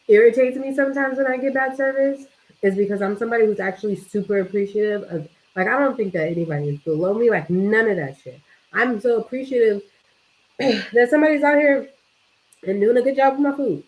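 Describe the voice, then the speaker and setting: A woman's voice: medium pitch, normal speed, low-quality recording. A young woman telling a casual story to camera, chatty and swearing freely, with lots of "like" and talk of energy and vibes. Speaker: vlogger.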